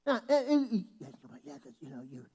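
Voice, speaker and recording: A man preaching a sermon, breaking into shouts and acting out prayers. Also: high voice, sing-song, normal speed, slightly rough. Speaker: bishop preaching.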